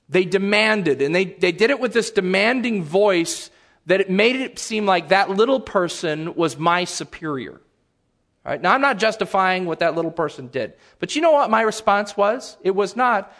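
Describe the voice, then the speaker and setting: A man preaching a sermon as a pastor, earnest and animated, with sudden loud bursts. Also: sits high, normal speed.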